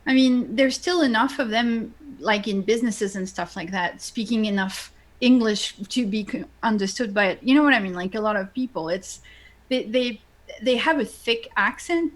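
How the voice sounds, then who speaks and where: Woman in lively chat. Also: a little high, moderate pace. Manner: animated, full of false starts. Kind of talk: casual chat.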